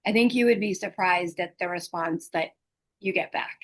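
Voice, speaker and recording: Gentle, earnest woman, slightly low voice. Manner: gentle, earnest, speaks with pauses and fillers. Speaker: hospice liaison and educator. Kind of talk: reflective talk on caregiving.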